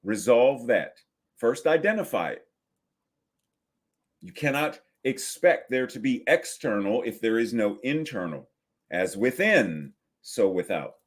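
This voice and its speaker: Slow, deliberate male minister in his 50s. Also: mid-range voice, big pitch swings. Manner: slow, deliberate preaching with repetitions and pauses. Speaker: senior minister. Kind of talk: sermon.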